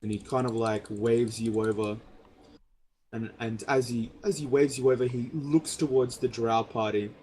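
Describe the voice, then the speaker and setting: A man's voice: mid-range voice, steady tone, moderate pace, darkish tone, a little hiss or hum. A man running a tabletop game as game master, narrating with lots of fillers and self-corrections.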